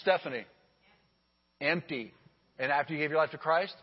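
A man preaching a sermon as pastor, telling stories in an animated way that swings from loud to hushed. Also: fairly high pitch, moderate pace, husky. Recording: dull lo-fi audio with long hall reverb.

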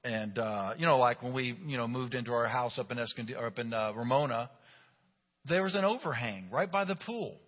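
Middle-aged pastor preaching in a reverberant hall. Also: male voice, mid-range voice, a little fast. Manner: humorous, animated storytelling. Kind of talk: sermon. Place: church sanctuary. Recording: dull recording with long hall reverb.

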